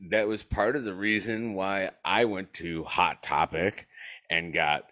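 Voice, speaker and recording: A man's voice: low-pitched, pushed and bright. A man hosting a podcast, telling a story in a casual chat, swearing a lot, laughing often and acting out the voices of people he quotes. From western New York. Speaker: podcast host. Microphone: remote call.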